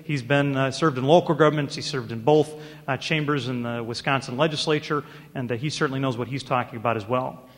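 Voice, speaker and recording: A man moderating a conference panel, introducing the speakers with many pauses and light teasing. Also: mid-range voice, fairly even intonation, long reverb tail.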